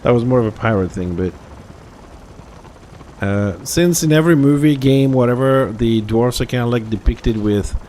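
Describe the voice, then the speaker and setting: A man live-streaming an online game, commenting as he plays, jumping from quiet muttering to excited outbursts. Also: mid-range voice, normal speed, a little hiss or hum. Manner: excitable, reacts loudly to the game, then mutters to himself.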